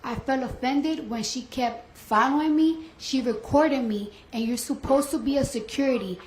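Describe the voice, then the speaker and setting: A woman's voice: high voice, moderate pace, darkish tone. A woman testifying in court, speaking bluntly and colloquially as she retells what happened. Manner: blunt, colloquial, retells events with quoted dialogue. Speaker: trial witness. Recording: echoey courtroom audio with faint noise.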